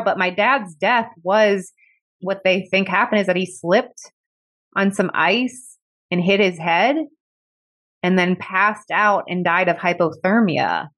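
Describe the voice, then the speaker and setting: A podcast guest tells her personal story in conversation, open and reflective, in a voice a bit low for a woman with a fairly bright tone. She keeps reaching for "like" as she gathers her thoughts, and her emotion runs close to the surface, at times near tears.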